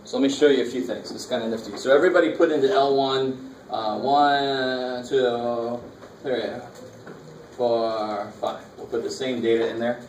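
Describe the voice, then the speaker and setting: In an echoey college classroom with a distant mic and faint noise, a male math instructor lectures casually, walking students through calculator steps with slangy asides. His voice is medium-pitched and a little mellow, with fairly even intonation at a moderate pace.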